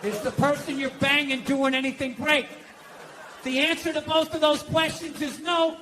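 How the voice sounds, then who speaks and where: Brief: American stand-up man, high-pitched, bright, forceful rant. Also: fairly even intonation, normal speed, a little hiss or hum. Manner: loud, ranting, profane. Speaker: stand-up comedian. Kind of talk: stand-up comedy.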